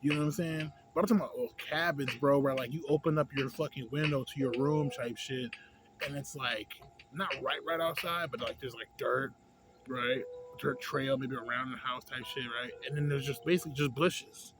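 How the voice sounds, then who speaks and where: A man's voice: medium pitch, steady tone, moderate pace, background noise. A man casually rambling through a movie review, slangy and profane, full of filler tags. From a city. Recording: music playing loudly behind.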